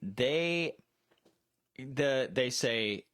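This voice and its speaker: A man's voice: mid-range voice, expressive, drawn-out words, fairly bright tone, dry recording, clean studio sound. A man co-hosting a casual movie chat on a live stream, rambling with many restarts and fillers. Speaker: co-host. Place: storage shed.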